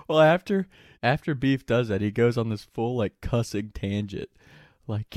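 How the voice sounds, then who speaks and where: A man's voice: medium pitch, animated, a little slow, long pauses, a little mellow, dry recording, studio quality. A young man casually telling a funny story, laughing often and swearing freely.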